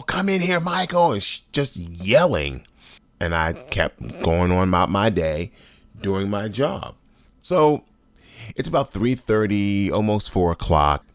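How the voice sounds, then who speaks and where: Very low-voiced man in his 60s, blunt wry storyteller, dry close sound. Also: dry recording. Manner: conversational, emphatic, wry and blunt. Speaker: storyteller host. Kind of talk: personal storytelling monologue.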